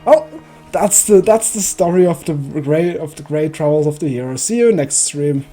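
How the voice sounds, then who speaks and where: Mellow-voiced male game streamer. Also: fairly high pitch, expressive, normal speed, soft background music. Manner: joking, thinks aloud while playing. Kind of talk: casual let's play commentary.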